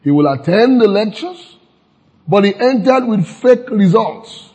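Older Nigerian male pastor, slightly high voice, emphatic sermon delivery, reverberant hall. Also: expressive, unhurried, darkish tone. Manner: emphatic, repeats key phrases, laughs at his own jokes. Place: church.

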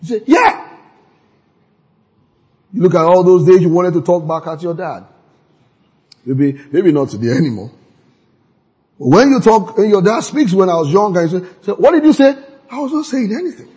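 A man preaching a sermon in an animated way, now and then shouting out quoted lines. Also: high-pitched, moderate pace, long pauses, husky. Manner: animated, acts out quoted voices with sudden shouts. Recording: long hall reverb.

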